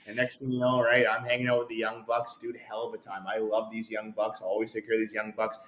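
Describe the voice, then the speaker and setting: A man co-hosting a podcast, telling a long rambling story full of fillers and acting out the quotes with big swings in his voice. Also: fast. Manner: animated, acts out quotes with big pitch swings, many fillers. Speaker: podcast co-host. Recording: roomy echo.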